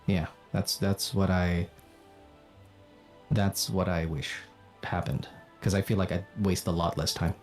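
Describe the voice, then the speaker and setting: Streamer, man, raised in the Philippines, low voice, casual and animated, faint music under him. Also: unhurried, pauses often. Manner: animated, swearing, laughs often. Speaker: streamer and voice actor. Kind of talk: casual chat on a livestream.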